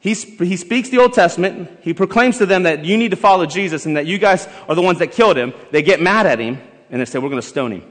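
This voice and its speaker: A man preaching a sermon, emphatic and building to loud exhortation, in a church sanctuary. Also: high voice, expressive, fast talker. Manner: emphatic, rising to shouted exhortation, leads the congregation in song. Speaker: pastor. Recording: long hall reverb with faint music.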